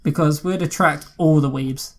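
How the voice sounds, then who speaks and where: A woman co-hosting a podcast in easy, casual chat. Her voice sits deep for a woman, and she drifts into joking asides and throws in the odd swear word. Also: moderate pace. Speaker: podcast co-host. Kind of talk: casual chat about a film.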